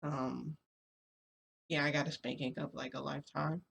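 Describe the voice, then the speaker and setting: Low and level, her voice is gravelly with a slight brightness and a breathy edge, delivered at normal speed. This vlogger rambles through a casual story for her viewers, giggling frequently and using plenty of fillers. Screaming has left her voice cracking.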